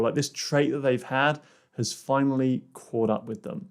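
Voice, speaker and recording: A man hosting a solo personal growth podcast, telling a client story with many fillers and restarts, and dropping to a soft, low voice when he quotes the exercise. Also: fairly even intonation, normal speed, gravelly, smooth.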